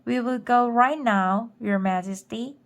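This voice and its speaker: A woman's voice: fairly high pitch, unhurried. Woman doing a polite, eager young boy. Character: quick-thinking young boy shrunk to ant size.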